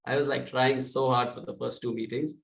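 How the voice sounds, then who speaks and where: A man coaching salespeople, speaking loudly and with energy and acting out sample calls. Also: medium pitch, level tone, fairly quick, gravelly, reverberant, distant mic, low-quality recording. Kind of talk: sales training talk.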